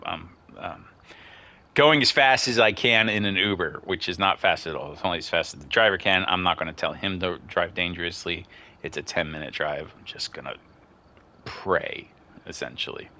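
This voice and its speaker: A man chatting casually over gameplay, telling a long story in a rambling, excitable way and getting worked up as he goes. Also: low voice. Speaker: gaming streamer.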